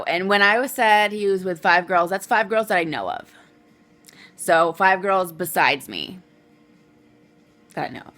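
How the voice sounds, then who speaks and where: A woman's voice: medium pitch, bright, forceful tone. A woman venting to the camera in a rambling, emphatic way, swearing often and filling her talk with fillers. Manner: agitated, emphatic. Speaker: vlogger.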